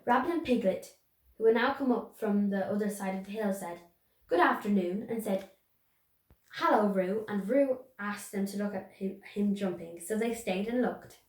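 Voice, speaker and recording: A woman's voice: mid-range voice, darkish tone. A young girl reading a children's story aloud, voicing the animals and stumbling over a few words. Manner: reads slowly, voices characters, small stumbles and restarts. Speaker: reader. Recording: echoey room.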